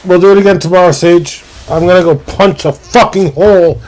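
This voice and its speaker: A man's voice: high voice, brisk, a little mellow, poor audio. A man streaming a video game live, cursing and mock-ranting at his co-player over a lost run. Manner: profane, mock-angry ranting.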